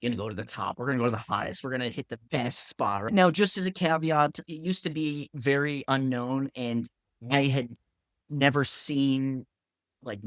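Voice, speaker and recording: A man, a pharmacist, telling a story in a casual, animated way, acting out other people's lines and saying "like" a lot. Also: mid-range voice, dry recording, clean studio sound.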